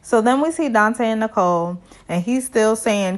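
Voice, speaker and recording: A young woman giving a casual, sassy recap of a reality show, full of animated asides to her viewers. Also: a little high, moderate pace. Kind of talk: casual review commentary.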